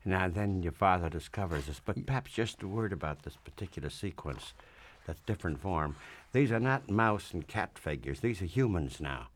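A man hosting a broadcast interview, speaking haltingly with restarts and fillers. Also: low voice, lively intonation. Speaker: radio host.

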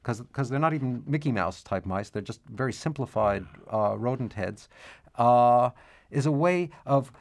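A man's voice: medium pitch, expressive, moderate pace. A man, an author and cartoonist, talking thoughtfully about his work in an interview, with hesitant restarts. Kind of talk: interview, reading his book aloud.

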